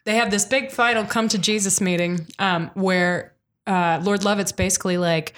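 A woman's voice: mid-range voice, moderate pace. A woman in casual chat, animatedly retelling a TV episode and acting out the characters' lines. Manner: animated, acts out characters' lines with put-on voices.

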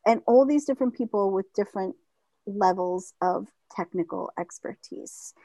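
A middle-aged woman telling a funny family story in casual chat, animated and laughing often, mimicking relatives in higher voices. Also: normal speed, dry recording. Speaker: storyteller in a conversation; teacher.

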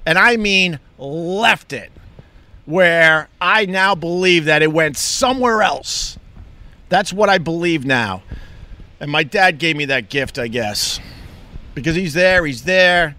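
Middle-aged man from Long Island, rambling candid monologue, slightly high bright voice, casual and unscripted. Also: expressive, slow pace, no echo. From Long Island, New York. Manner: rambling, candid, swears freely. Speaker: vlogger.

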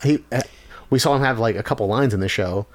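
A man co-hosting a casual show chat, measured and hedging his opinions. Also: medium pitch.

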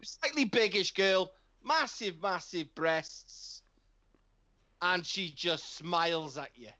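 Ranting English bloke telling a story. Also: male voice, high-pitched, takes it slowly, sharp tone, lo-fi sound. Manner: ranting, acting out both sides of a dialogue. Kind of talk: casual comedic storytelling.

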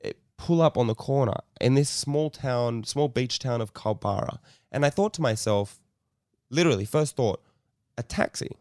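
A man's voice: medium pitch, moderate pace, a little mellow. Young man telling a story. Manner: rambling anecdote with restarts and swearing. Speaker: guest storyteller. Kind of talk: casual chat.

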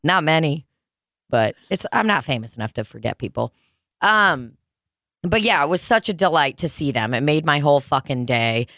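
Clean studio audio with no echo carries a woman podcast host speaking at an ordinary speed. She swears freely and tells stories with energy, voicing customers in high, squeaky impressions.

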